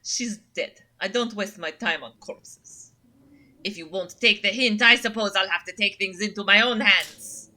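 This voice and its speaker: A woman's voice: on the low side, animated, normal speed, pushed and bright, exaggerated voice. A woman voicing a haughty, disdainful female cat, in a sneering attempt at a French accent. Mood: cold threatening.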